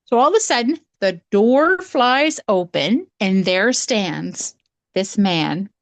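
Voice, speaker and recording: A woman with a Canadian accent, telling a campfire story in casual, animated chat as a podcast co-host. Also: mid-range voice, takes it slowly, no echo.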